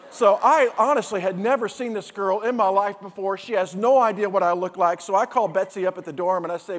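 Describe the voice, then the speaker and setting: Middle-aged male preacher, lively storyteller, high voice, long reverb of a large hall. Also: brisk, hardly any pauses. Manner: animated storyteller, acts out dialogue. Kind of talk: sermon with a humorous story.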